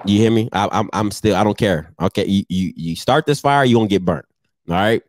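A man's voice: fairly low pitch, a little fast, darkish tone. A man vlogging casual comedic roasts of his commenters, teasing and laughing often.

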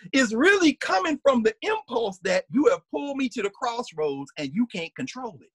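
A husky-voiced man lectures in an animated, conversational way, his pitch swinging widely as he goes. He restarts sentences often and breaks into hummed or sung snippets. The sound is dry and close. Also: normal speed, no echo. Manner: lively, restarts often, hums and sings snippets. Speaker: guest lecturer.

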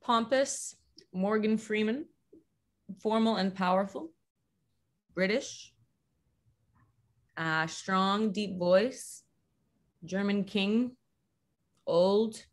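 A woman taking part in an online class, slowly listing descriptive words one at a time. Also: mid-range voice. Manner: slow, deliberate, one word at a time. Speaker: class participant.

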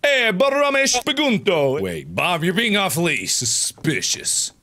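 A man streaming a multiplayer game with friends, loud and teasing, laughing and yelling often. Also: high voice, very animated, a little slow. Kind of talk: excited multiplayer gaming chatter.

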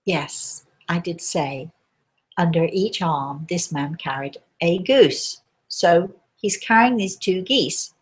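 A woman's voice: fairly low pitch, animated, slow pace, few pauses. A woman hosting a live talk, telling stories and answering viewers' questions in a conversational way, with frequent hesitations and restarts. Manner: hesitant, with many restarts and fillers. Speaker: host and spirit medium.

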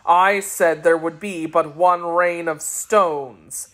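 A woman voicing a cold, cruel male sorcerer covered in thorns, speaking slowly and sternly in a storybook reading. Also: fairly low pitch, fairly even intonation, fairly bright tone. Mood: defensive. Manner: slow, stern and accusing.

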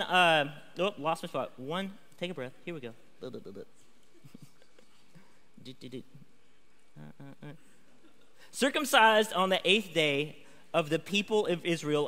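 A man giving an energetic, conversational school chapel sermon in a large chapel hall. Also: sits high. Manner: energetic and conversational, lively emphasis. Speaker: chapel speaker. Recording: long hall reverb.

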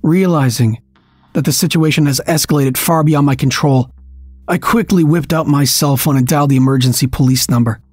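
A man narrating a first-person story in a steady, tense storytelling manner. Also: fairly high pitch, brisk, dry recording, soft background music. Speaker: audiobook narrator.

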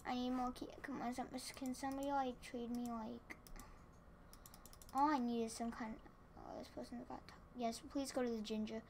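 A tired woman giving casual gameplay commentary at home, excitable and rambling, repeating her exclamations. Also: a little high, moderate pace, a little hiss or hum. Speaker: gaming channel host. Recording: keyboard clicks and typing behind.

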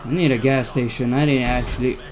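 A man's voice: medium pitch, fairly even intonation, fairly quick, slight background noise. A young man giving gameplay commentary as a YouTuber, stressed and swearing as he talks to himself. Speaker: gaming YouTuber. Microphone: desk mic at a PC.

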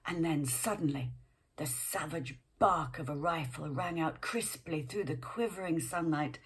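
A woman with a deep, husky, unhurried voice reads a book aloud page by page. She breaks off for chatty asides and sometimes drops to a whisper.

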